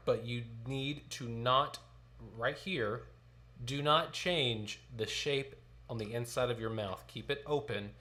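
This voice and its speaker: A man's voice: mid-range voice, a bit bright. A man leading a choir sectional rehearsal. He counts in, sings short phrases and explains notes patiently. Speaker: choir director.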